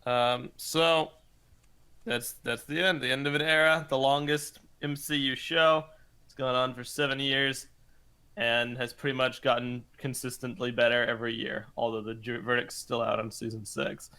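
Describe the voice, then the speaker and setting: Podcast co-host, male, earnest and thoughtful, bright tone. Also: medium pitch, fairly even intonation, moderate pace. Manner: earnest, reflective fan talk. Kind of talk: casual chat.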